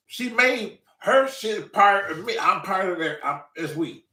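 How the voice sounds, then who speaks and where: A man rants through a story in a loose, profane monologue, his voice jumping high and low as he works himself up. He sits a little back from the mic in an echoey room, and his pitch sits somewhat high for a man. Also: unhurried, few pauses, distant mic. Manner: profane, ranting, animated storyteller. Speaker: show host. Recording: roomy, away from the mic.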